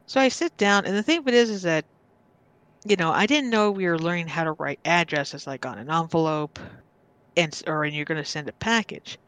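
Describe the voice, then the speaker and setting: A woman's voice: deep voice, brisk, fairly bright tone, clean tone, dry recording. A woman guest on a podcast, casually telling a personal story and often stopping to restart or repeat her words.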